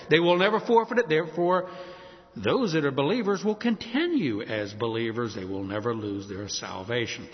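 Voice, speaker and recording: A man preaching a sermon, building emphatically on key words. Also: a little high. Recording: dull sound with long hall reverb.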